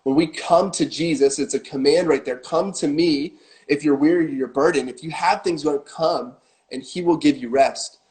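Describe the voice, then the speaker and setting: A man giving earnest devotional teaching, slowing down on key phrases. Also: on the high side, a little mellow.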